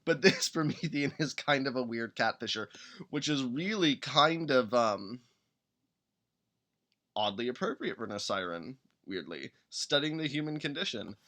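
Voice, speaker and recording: A man's voice: medium pitch, lively intonation, normal speed, pushed and bright. A man hosting a live-streamed tabletop game podcast, chatting casually and rambling as he reads rules text aloud and hums to himself while he looks things up. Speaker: podcast host building a game character.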